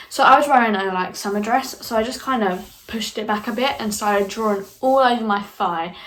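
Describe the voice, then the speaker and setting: A young woman telling a school story in a casual vlog, animated, swearing freely and acting out her own reactions. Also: medium pitch, rough recording. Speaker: vlogger.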